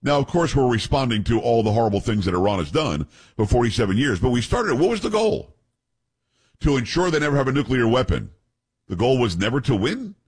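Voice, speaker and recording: A man's voice: mid-range voice, very animated, brisk, breathy edge. A man hosting a political call-in radio show, talking emphatically and retelling stories with quoted voices. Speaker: radio talk show host.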